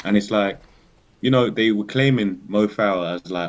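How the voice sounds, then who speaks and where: A man co-hosts a casual podcast in a very deep voice. He agrees easily and talks in relaxed slang. His mic sounds a little dull and lo-fi. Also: fast. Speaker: podcast co-host. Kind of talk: casual chat.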